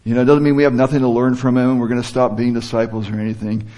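A man's voice: medium pitch, flat delivery, fast, mellow. A man giving an informal sermon, talking conversationally and stopping to rephrase as he quotes scripture. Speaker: preacher.

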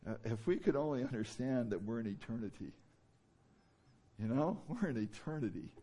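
A man's voice: mid-range voice, animated, normal speed, mellow, slightly rough. Conversational male preacher. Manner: conversational, rising to emphatic bursts, frequent fillers. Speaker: pastor. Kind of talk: sermon.

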